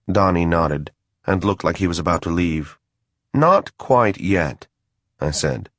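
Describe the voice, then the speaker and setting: Deep-voiced man narrating a novel. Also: steady tone, moderate pace, no room sound. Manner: dry, wry first-person storytelling. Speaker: audiobook narrator. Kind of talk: scripted narration.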